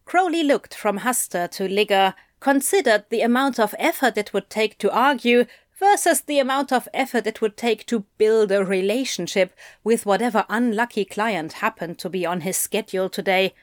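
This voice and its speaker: A woman narrating a story aloud in a measured, wry manner. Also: mid-range voice, no room sound, clean studio sound. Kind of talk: audiobook narration.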